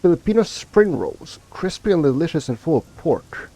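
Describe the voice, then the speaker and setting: A man's voice: very animated, normal speed, mellow. A man voicing a small, fierce and prickly female orc from a video game, reading her lines aloud in a raised voice. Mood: brash. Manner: read aloud from on-screen dialogue, raised pitch.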